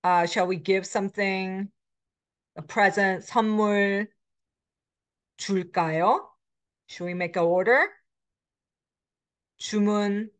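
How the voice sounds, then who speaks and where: A woman's voice: mid-range voice, a little fast, pauses often. Woman teaching grammar with frequent fillers. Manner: explanatory, with frequent fillers and self-corrections; switches between English and Korean examples. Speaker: Korean language instructor. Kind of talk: recorded lecture.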